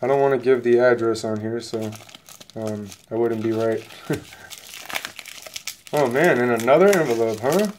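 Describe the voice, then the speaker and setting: A man hosting his own casual unboxing vlog, talking excitably and rambling straight to his viewers while sniffly from a coming cold. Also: mid-range voice, normal speed, long pauses, slight background noise. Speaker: channel host opening trading cards.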